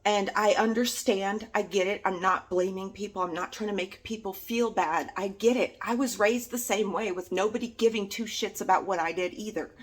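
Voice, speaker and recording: A woman's voice: medium pitch, no echo. A woman venting on her own vlog, angry and hurt, swearing and going back over the same points. She records on a phone outdoors near her house, with insects chirping in the background. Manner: upset, angry, swearing, repeating herself. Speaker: vlogger. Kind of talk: emotional personal vlog.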